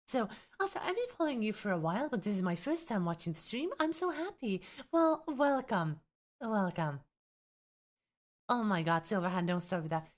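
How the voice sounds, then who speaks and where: Young woman streamer, light Finnish accent, lively, swooping delivery, chatty and teasing with her viewers. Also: mid-range voice, normal speed. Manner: chatty, reacts to viewers, teasing, exasperated laughs. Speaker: streamer and tabletop game content creator. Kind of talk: live stream chat and rulebook reading.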